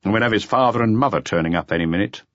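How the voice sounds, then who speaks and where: A man's voice: lowish voice, rapid-fire, fairly bright tone, dry recording, lightly acted. A man voicing an impatient middle-aged police chief inspector, interrogating bluntly and at times coaxing like a father. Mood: gruff coaxing. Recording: slightly dull lo-fi audiobook recording.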